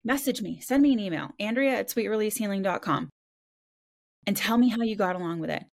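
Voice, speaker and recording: A woman hosts a casual podcast roundtable in an eager, quick, chatty way. She tells stories by acting out both sides of the talk and drops casual swear words as she goes. Her voice sits at an everyday middle pitch. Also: vocal fry. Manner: fast, excitable, swears casually; animated storytelling with quoted voices. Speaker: podcast host.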